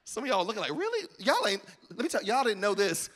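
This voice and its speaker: A man's voice: high-pitched, lively intonation, very fast, a bit bright. A man preaching a sermon as a pastor in a church, calling out to the congregation and building to emphatic peaks. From American South. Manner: preaching with call-outs and rising emphasis. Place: church auditorium.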